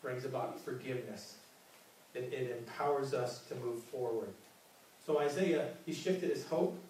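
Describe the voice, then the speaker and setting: A pastor delivers an earnest sermon full of repeated phrases, his mid-range, darkish voice moving a little slowly. The far-off mic captures a very echoey large church hall along with a bit of hiss or hum.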